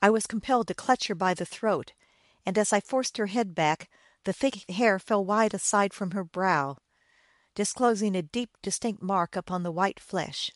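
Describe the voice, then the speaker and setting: A woman narrating a dark old story in a steady, measured reading voice. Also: mid-range voice, dry recording, studio quality. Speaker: audiobook narrator.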